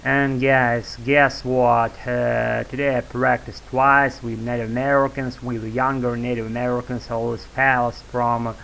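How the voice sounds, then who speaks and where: A man's voice: medium pitch, level tone, unhurried, creaky, few pauses, fairly bright tone, a little hiss or hum, low-quality recording. A man with a Russian accent, speaking English as a second language, rambling loosely to camera with lots of fillers and restarts. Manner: wordy, loose, filler-heavy, restarts often. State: sore throat. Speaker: YouTube English-learning vlogger.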